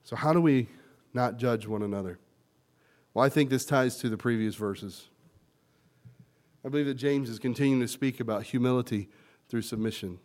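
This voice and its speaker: A male pastor preaching a sermon, swinging from loud emphatic lines to quiet ones as he explains and quotes scripture. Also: medium pitch, moderate pace, pauses often. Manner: teaching word meanings and quoting scripture.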